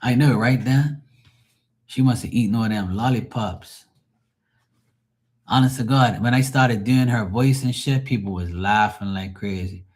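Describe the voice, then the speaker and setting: Profane man ranting on a live stream. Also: on the low side. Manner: profane, mocking, rambling. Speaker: live tarot reader.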